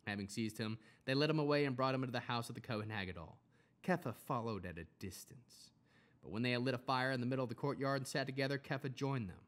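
A man reading scripture aloud, steady, with occasional self-corrections. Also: mid-range voice, quick pace. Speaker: Bible reader.

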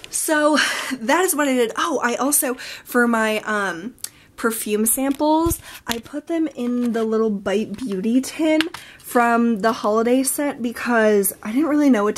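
A woman's voice: a little high, slight background noise. Young female beauty vlogger, casual show-and-tell, filler-heavy chat. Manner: chatty, lots of ums and likes. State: a bit out of breath.

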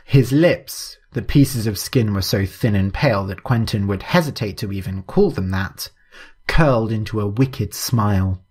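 A man narrating a story in a measured, even, scripted way. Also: on the low side, breathy edge.

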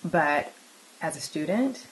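A woman with a slightly low voice talks through ideas in a relaxed conversational way. She is a pianist and teacher from the San Francisco Bay Area, and she stays expressive and quick to laugh. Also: low-quality recording. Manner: expressive, laughs often between points. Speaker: pianist and music teacher, guest. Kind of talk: conversational explaining.

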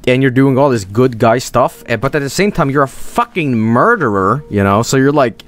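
A man streaming a video game, rambling and swearing in casual commentary with sudden high-pitched outbursts. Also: expressive, moderate pace, a bit bright.

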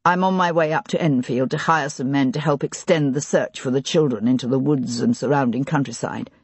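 An audiobook narrator voicing a man in his thirties, a grieving brother who speaks in a strained, halting way. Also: medium pitch, husky, no room sound. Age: 30s. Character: grieving young gentleman, brother of missing woman. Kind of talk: audiobook character reading.

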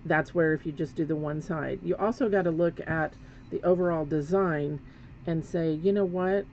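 In a deep, darkish voice at normal speed, a woman gives a live painting demonstration, chatting as she works and correcting herself as she goes. She is the instructor, heard in dull lo-fi audio with faint background noise.

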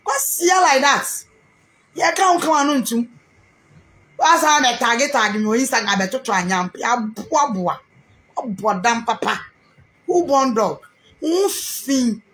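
A Ghanaian businesswoman speaking with a Ghanaian accent in a heated, animated rant to camera, repeating herself for emphasis. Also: on the high side, measured pace, long pauses. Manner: animated, repetitive, mixes Twi and English.

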